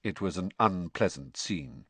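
A man reading a story aloud in an expressive, animated way. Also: sits low, unhurried, slightly rough, no echo. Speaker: narrator. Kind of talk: audiobook narration.

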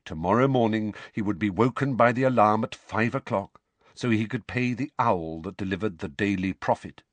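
A man reading a novel aloud as an audiobook narrator, in expressive storytelling narration. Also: moderate pace, dry recording. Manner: expressive storytelling, rising pitch on anxious questions. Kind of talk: scripted narration.

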